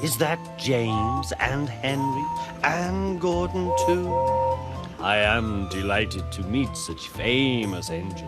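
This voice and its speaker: A man voicing a smug, scheming male diesel engine with an oily, smooth-talking voice, slow and ingratiating, over background music. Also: mid-range voice, lively intonation. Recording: music clearly behind.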